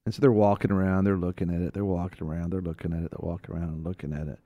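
A man co-hosting a Christian talk show, teaching in casual chat as an animated storyteller who laughs often. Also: low voice, very fast, highs cut off.

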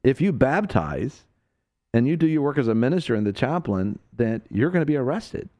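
A male host on a Christian radio program, talking in a preaching manner with bursts of emphasis. His voice sits at an ordinary middle pitch, and he speaks with the cadence of a sermon. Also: very animated, moderate pace, warm tone. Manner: preacherly, rising to emphatic peaks.

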